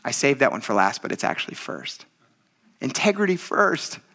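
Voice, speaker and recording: A man's voice: fairly low pitch, fast talker, husky. A man in his thirties preaching a conversational midweek sermon, telling stories and reading scripture aloud. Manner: conversational, animated storytelling with laughs. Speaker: pastor.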